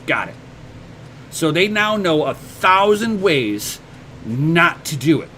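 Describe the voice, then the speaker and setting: There's background noise as a man with a slightly high voice runs a casual livestream. Reading out viewer comments, he hands out blunt motivational advice, swears offhandedly, and repeats words as he gets his sentences going.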